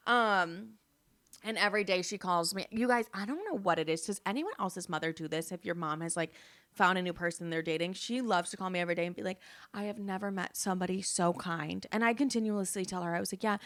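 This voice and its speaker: Host, woman, 20s: bright, forceful chatter, dry close sound, candid and profane storytelling. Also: fairly low pitch, fairly quick, dry recording. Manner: candid, profane, animated retelling. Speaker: podcast host. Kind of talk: casual storytelling chat.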